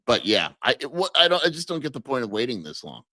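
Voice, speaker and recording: A man co-hosting a casual sports podcast, speaking in a measured, analytical way and thinking out loud. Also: medium pitch, sing-song, dry recording. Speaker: podcast co-host. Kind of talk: casual sports talk livestream.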